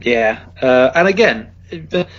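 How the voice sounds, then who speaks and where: A man of middle pitch co-hosting a casual podcast, who rambles along with plenty of ums and restarts. The audio sounds dull and lo-fi, its top end rolled off. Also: lively intonation, measured pace. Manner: rambling, many fillers and restarts. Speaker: podcast co-host. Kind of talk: casual football chat.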